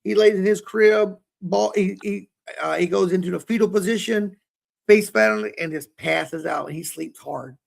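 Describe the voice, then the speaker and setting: Gravelly-voiced man chatting candidly. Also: high-pitched, measured pace. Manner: candid, rambling, self-deprecating. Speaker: podcast co-host. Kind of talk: casual chat. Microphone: webcam, set high.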